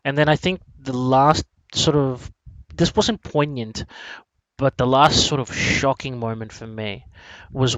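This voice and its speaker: A man co-hosting a casual chat, rambling and animated, with many restarts and some swearing. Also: medium pitch, no room sound, rough recording. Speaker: podcast co-host.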